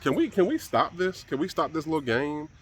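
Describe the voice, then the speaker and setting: A man's voice: on the high side, sing-song, brisk, a little hiss or hum. A man giving a blunt, profane and exasperated solo commentary on camera.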